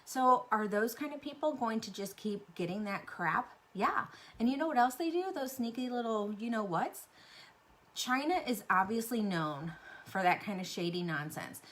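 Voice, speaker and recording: Woman vlogger, casual chat, animated, lots of ums, middle-aged. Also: on the high side, normal speed. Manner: chatty and animated, with many fillers. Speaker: beauty vlogger and sales rep.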